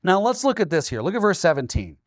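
A pastor in his forties from Washington state preaching a sermon, telling stories with lively, acted-out quotes and often checking in with "okay?". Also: high-pitched, fast, no echo, studio quality. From Washington state, USA. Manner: animated storytelling, acting out his own quoted lines.

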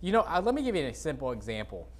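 A man preaching an informal sermon to a congregation, reading scripture and adding blunt, dismissive asides while often clearing his dry throat. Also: on the high side, huge pitch swings, racing. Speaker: pastor. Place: church sanctuary, speaking to a congregation.

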